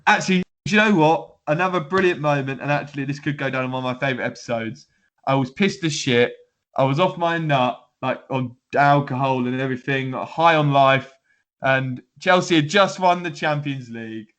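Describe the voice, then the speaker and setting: A man's voice: medium pitch, fairly quick, fairly bright tone. A man co-hosting a football podcast, talking in a rambling, laughing way with lots of restarts. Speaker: podcast co-host. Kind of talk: casual chat.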